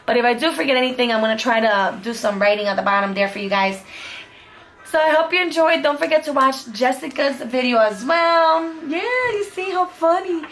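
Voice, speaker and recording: A woman's voice: a little high, brisk, a bit bright, slight background noise. A woman vlogging as a homeschool mom, chatting casually and cheerfully about favorite picture books. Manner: chatty and upbeat, repeats "super cute". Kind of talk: casual book review vlog.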